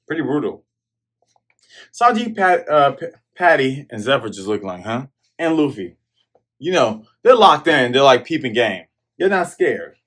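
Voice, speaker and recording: Animated man recapping a comic chapter. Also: mid-range voice. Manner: animated, slangy retelling that mixes in quick character voices.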